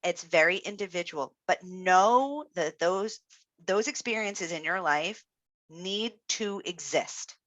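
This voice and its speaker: Bright, encouraging woman coach. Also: fairly low pitch, expressive, slow, dry recording. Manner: encouraging, reflective, many fillers. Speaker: speech-language pathologist and health coach. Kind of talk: webinar presentation.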